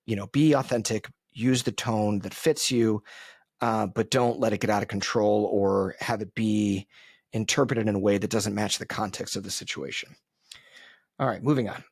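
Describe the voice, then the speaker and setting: Husky low-voiced man hosting a podcast. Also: no room sound, studio quality. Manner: conversational, frequent ums and asides, reflective. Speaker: podcast host. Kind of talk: solo podcast commentary.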